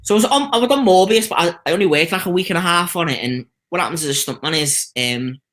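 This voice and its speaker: A Liverpool man chats freely as an interview guest, rambling through warm stories. His voice sits a little higher than most men's, and he slips into quick impressions of the people he met. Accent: Liverpool (Scouse). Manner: chatty storytelling, lively anecdotes with quoted voices. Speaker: stuntman guest. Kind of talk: casual interview chat.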